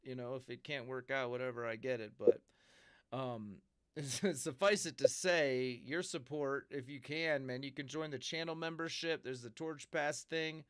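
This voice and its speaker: Male podcast host, laid-back and slangy, smooth tone, dry sound. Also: mid-range voice, steady tone, moderate pace, dry recording. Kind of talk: casual chat.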